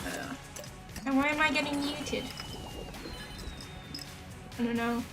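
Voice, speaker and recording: A woman with a high-sitting voice speaks slowly and steadily while streaming a game over background game music. She chats casually and sarcastically with viewers, rambling between stories and sounding a little worn out.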